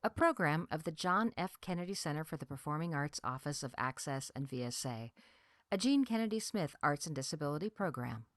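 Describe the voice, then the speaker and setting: A woman announcer giving a measured, formal scripted introduction. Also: deep voice, no echo, studio quality. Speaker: program announcer. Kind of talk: scripted narration.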